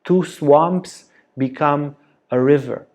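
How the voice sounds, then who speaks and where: A man giving a spoken teaching talk, slow and deliberate, often checking in with a soft "yeah?". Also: a little high. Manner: slow, deliberate, gentle delivery with frequent "yeah?". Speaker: yoga teacher.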